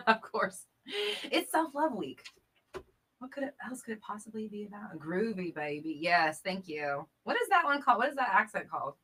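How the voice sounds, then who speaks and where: A woman's voice: mid-range voice, sing-song, normal speed, a bit bright, husky. A woman hosting a casual live-stream chat, reading out viewer comments, chatty and playful with frequent laughter. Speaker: host and coach.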